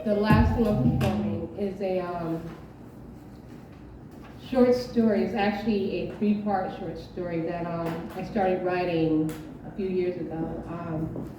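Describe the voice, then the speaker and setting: A woman at an open mic, reading her own short story aloud in a measured storytelling voice, with hesitant asides between pieces. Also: on the low side, fairly even intonation, music in the background. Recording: echoey dull room from far off.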